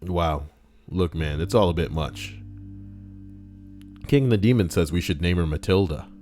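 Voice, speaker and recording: A man live-streaming, reading out stories and donations in casual, profane banter that jumps between mumbling and loud outbursts. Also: deep voice, unhurried, faint music behind.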